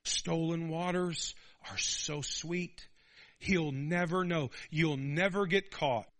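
A man in a sermon voicing a seductive adulterous woman who coaxes slowly and low. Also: a bit bright. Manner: slow, low, coaxing.

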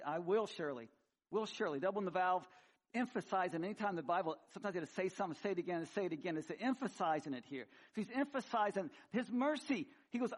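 A middle-aged man preaching a sermon, swinging between loud, high emphasis and quiet, low asides. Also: expressive, fast. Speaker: pastor.

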